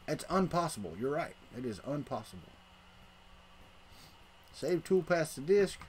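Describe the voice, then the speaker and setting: A man's voice: on the high side, sing-song, measured pace, slight background noise. A middle-aged man, hosting a casual livestream and rambling to his chat while he tinkers. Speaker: livestream host.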